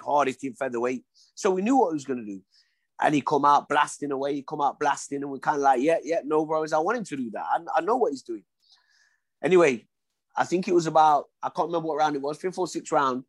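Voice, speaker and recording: A man's voice: on the high side, dry recording. A man, a former boxer telling his story in an interview, acting out dialogue and often saying "you know what I mean".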